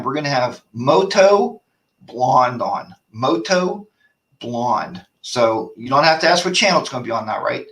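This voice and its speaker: A man's voice: mid-range voice, fairly bright tone, recorded from a distance. A man hosting a casual live-stream chat, rambling and ranting while reading viewer comments aloud. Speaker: host of a motorcycle chat show.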